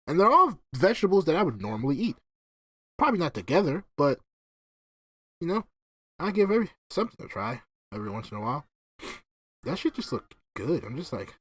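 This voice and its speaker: Man, podcast host, casual chat, swears a lot, laughs often, lively swooping pitch. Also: fairly quick, dry recording. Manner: profane, excitable, laughs often. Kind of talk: casual gaming-friends chat.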